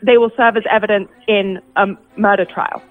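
A woman journalist joining a broadcast remotely, giving a measured, steady analysis. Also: mid-range voice, soft background music. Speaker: journalist guest. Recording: tinny phone line, dry.

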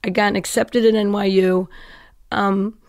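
A woman guest tells her life story in a casual interview. She is animated and slips into other people's voices as she goes. Her pitch is middling, and the recording is dry and close. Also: unhurried, no echo. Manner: animated, acts out quoted voices.

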